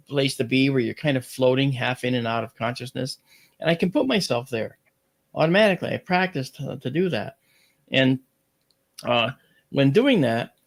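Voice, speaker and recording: A gravelly-voiced man speaks as a guest on a talk show, spinning a personal tale with animated energy. His telling rambles and restarts, with plenty of fillers, while his pitch sits in an ordinary male middle range. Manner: lively, rambling delivery with many fillers and restarts.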